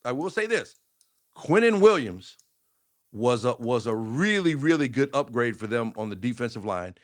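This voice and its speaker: A man's voice: mid-range voice, very animated, moderate pace. A man co-hosting a sports talk show, debating football casually and thinking aloud with frequent restarts.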